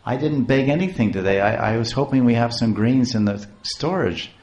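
A man's voice: mid-range voice, moderate pace, darkish tone, natural voice. A man doing a stammering, fervent poor scholar. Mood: bewildered. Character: poor old scholar husband, bewildered then awed. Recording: roomy echo.

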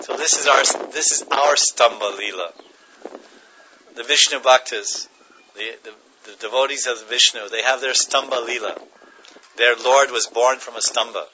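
A man's voice: mid-range voice, moderate pace, dull audio, noisy background. A man giving a devotional class, chanting verses, translating them and chuckling as he tells stories. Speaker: spiritual teacher.

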